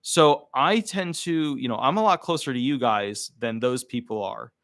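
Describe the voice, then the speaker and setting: A man's voice: mid-range voice, normal speed, no room sound, clean studio sound. A man who works as a disability lawyer, giving casual, indignant commentary to the camera. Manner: indignant, animated.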